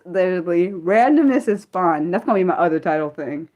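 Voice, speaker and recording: A young woman from the United States hosting a casual livestream, chatting with viewers in an excitable, disbelieving way with many stumbling restarts. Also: lowish voice, fairly quick, few pauses. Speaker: livestream host. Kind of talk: casual livestream chat reading viewer comments.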